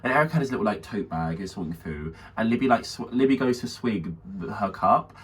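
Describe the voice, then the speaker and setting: A man's voice: fairly low pitch, animated, fairly quick, slightly rough. A man co-hosting a podcast, telling a story in casual chat, swearing freely and mimicking the people in it. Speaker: podcast co-host. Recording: distant mic with faint background noise.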